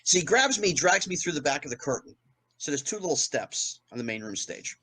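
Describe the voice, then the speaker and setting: Animated middle-aged man telling stories. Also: fairly high pitch, fairly quick, breathy edge, low-quality recording. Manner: animated, acts out quoted voices. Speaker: podcast guest. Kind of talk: anecdotal storytelling.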